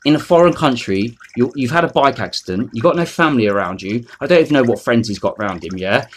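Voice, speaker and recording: Fast-talking, swearing man ranting. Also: medium pitch, animated, a bit bright. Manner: rambling, profane, mocking. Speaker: vlogger. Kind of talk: unscripted rant to camera.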